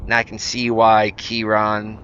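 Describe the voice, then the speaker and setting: A man's voice: on the low side, completely flat delivery, measured pace, sharp tone, lo-fi sound, slight background noise. A man streaming a survival building game, chatting casually with his viewers and rambling through many fillers and restarts in an easygoing, self-deprecating way. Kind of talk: casual gameplay commentary answering chat.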